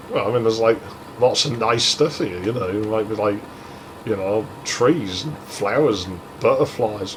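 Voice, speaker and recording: A man's voice: on the low side, unhurried, a little hiss or hum, rough recording. A young man casually telling a crude story over gameplay, rambling and swearing freely. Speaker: gaming channel host.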